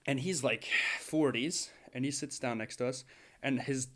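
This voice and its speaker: A man's voice: medium pitch, moderate pace. Laughing young man telling a story. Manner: animated, laughing often, many restarts. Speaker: podcast co-host. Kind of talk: casual storytelling chat.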